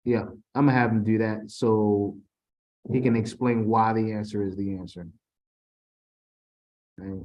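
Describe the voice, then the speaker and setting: Low-voiced man reading quiz questions. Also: steady tone, a little mellow. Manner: informal, halting, reads quiz questions aloud with restarts. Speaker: TESOL instructor. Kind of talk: casual tutoring session.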